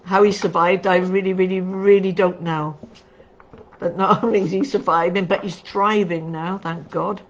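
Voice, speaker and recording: At a moderate pace, a middle-aged woman reads tarot on a relaxed livestream, her lowish voice fairly even in intonation. She's affectionate and talkative, addressing viewers as darling, and the sound is dull, lo-fi and faintly noisy.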